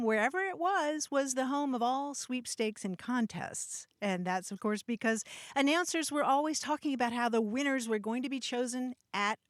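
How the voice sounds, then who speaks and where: A woman's voice: on the high side, no echo, clean studio sound. A woman from Kentucky co-hosting a radio talk show, asking callers friendly questions and explaining word pronunciations.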